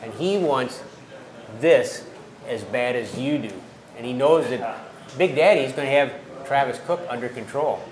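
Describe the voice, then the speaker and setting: A man interviewing wrestlers for a wrestling TV show, asking measured questions. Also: mid-range voice, a little hiss or hum. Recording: echoey room.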